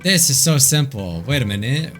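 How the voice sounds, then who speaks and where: A young man giving excitable, joking commentary while playing a video game. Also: medium pitch, moderate pace, soft background music. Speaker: gaming video host. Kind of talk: let's play commentary.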